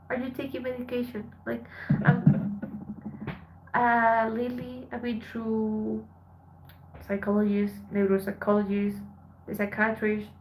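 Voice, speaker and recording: A tired woman from Colombia, a Spanish speaker, chatting softly with her live-stream viewers as she reads their messages aloud. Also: a little high, slight background noise, rough recording. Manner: soft, subdued, switching between English and Spanish. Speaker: live streamer reading chat. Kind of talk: casual live-stream chat.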